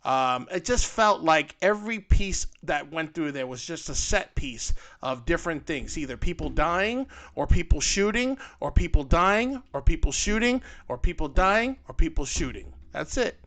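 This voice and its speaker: Podcast guy rambling about movies, slightly high voice, bright and sharp, lots of um and you know. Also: normal speed, few pauses. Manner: rambling, animated, with many fillers and restarts. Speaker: co-host of a fan podcast. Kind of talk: casual panel chat.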